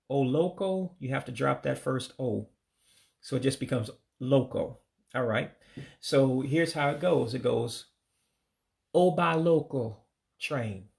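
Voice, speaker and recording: An American man giving a casual vocabulary lesson, saying each word slowly, repeating it, then giving its English meaning. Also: medium pitch, vocal fry. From United States. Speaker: language learner teaching vocabulary.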